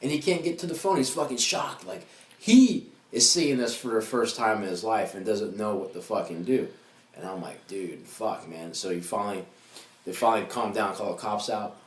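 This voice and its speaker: A man co-hosting a comedy podcast, telling a story with lots of swearing in a casual, animated way. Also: fairly low pitch, moderate pace. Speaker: podcast co-host. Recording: echoey room with faint ambience.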